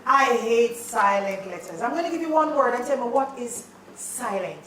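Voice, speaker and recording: A woman teacher, leading a playful, animated spelling lesson in a classroom. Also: on the high side, normal speed, slight background noise. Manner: animated and playful, calls out questions. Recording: echoey classroom, mic at a distance.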